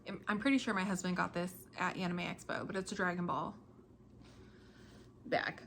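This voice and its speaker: A woman's voice: lowish voice, fairly even intonation, moderate pace, gravelly, a bit bright, a little hiss or hum. A young woman hosting a casual podcast, chatting about her projects in a chatty, self-deprecating way and laughing often. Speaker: podcast host.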